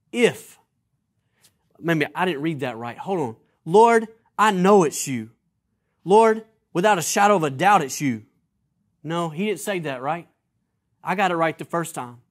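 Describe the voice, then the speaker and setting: High-voiced preaching pastor, emphatic. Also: male voice. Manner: preaching with rising emphasis and dropping to quiet low endings; repeats key phrases for emphasis. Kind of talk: sermon.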